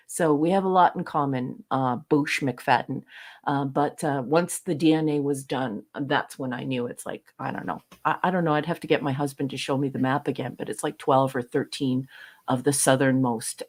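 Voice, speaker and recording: A woman from Canada co-hosting a livestream in casual chat, reading viewer comments aloud and laughing often. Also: a bass voice. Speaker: livestream co-host.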